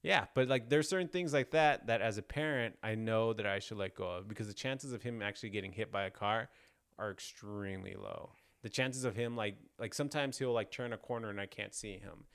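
A man in his thirties, a father and podcast co-host, telling a story in a relaxed casual chat and laughing easily. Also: lowish voice, brisk, smooth.

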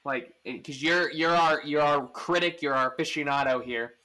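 A man's voice: on the high side, normal speed, pushed and bright. A man hosting a podcast, chatting casually about sports with lots of fillers and restarts. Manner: rambling, full of fillers and restarts. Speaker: podcast host.

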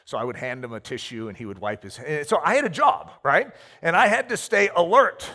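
A pastor giving an animated sermon, telling stories with acted-out asides. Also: male voice, a little high, fairly quick. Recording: reverberant hall.

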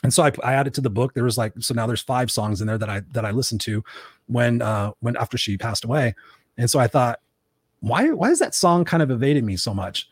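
A man's voice: mid-range voice, animated, a little fast, slightly rough, no room sound, studio quality. A man hosting a podcast, telling a candid, emotional personal story with lots of restarts. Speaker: podcast host. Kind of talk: personal storytelling in casual talk.

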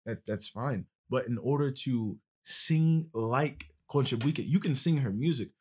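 Husky male podcast host. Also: medium pitch, measured pace, darkish tone. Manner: passionate, explains at length. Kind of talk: casual conversation.

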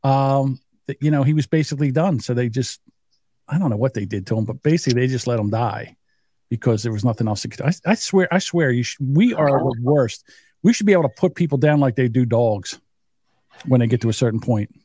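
A man's voice: medium pitch, expressive, brisk, mellow, no echo, studio quality. Profane storytelling man in his fifties. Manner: storytelling, profane, acts out quotes. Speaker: podcast co-host. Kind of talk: casual chat.

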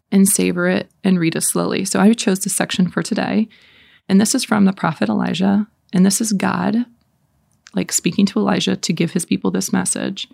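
A woman leading a guided scripture meditation. She reads slowly and softly, sometimes in a whisper, and talks between readings in a casual, chatty way. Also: fairly low pitch, creaky, dry recording, studio quality. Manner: slow, soft reading with whispered passages. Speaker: prayer leader.

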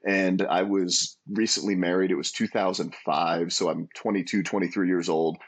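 A man in his forties telling his own story as a guest in an interview, earnest and animated, with frequent restarts. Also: low-pitched, moderate pace. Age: 40s. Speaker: guest, entrepreneur.

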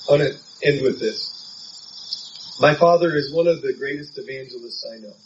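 A man's voice: medium pitch, normal speed, recorded from a distance, lo-fi sound, a little hiss or hum. A man preaching a sermon in an earnest, conversational way, from San Diego.

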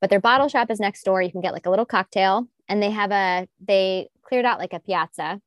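A woman's voice: mid-range voice, a little fast, no room sound, dull audio. A woman guest on a podcast who talks in an enthusiastic, casual way and laughs often. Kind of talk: casual chat.

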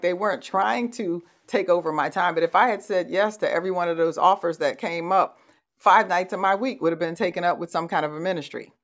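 A middle-aged woman hosting a conversational motivational talk, telling stories and laughing easily. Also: fairly low pitch. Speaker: host.

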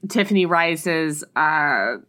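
A woman's voice: sits low, animated, takes it slowly, a bit bright. Woman chatting about a romance novel, easygoing, quotes bits of the book. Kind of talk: casual chat.

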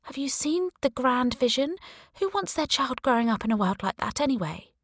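In an audiobook, a woman performs a desperate pregnant character who is defiant and bitter. She pitches her voice high, above her natural range, with a sing-song, wavering, breathy, heavily acted delivery at a moderate pace and a fairly bright tone. The recording is dry and studio quality.

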